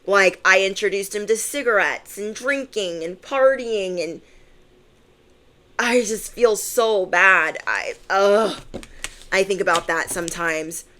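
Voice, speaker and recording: A woman's voice: mid-range voice, slow pace, slight background noise. A young adult woman, a tarot reader, chatting casually to camera, playful and acting out the people in her stories. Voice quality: animated, playful, acts out voices.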